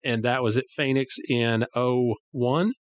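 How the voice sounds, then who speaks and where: A man's voice: mid-range voice, steady tone, measured pace. A man hosting a podcast, reacting briefly and asking follow-up questions. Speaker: podcast host. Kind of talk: interview.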